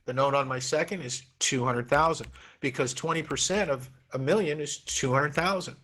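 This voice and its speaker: A man's voice: on the high side, normal speed, fairly bright tone. A middle-aged man from Oregon teaching a real estate class online, coaxing students through the math with repeated, encouraging phrases.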